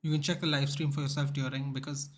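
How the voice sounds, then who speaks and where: A man's voice: mid-range voice, flat delivery, quick pace. A man hosting a football watchalong livestream, talking casually in a rambling, opinionated way and often calling listeners "dude".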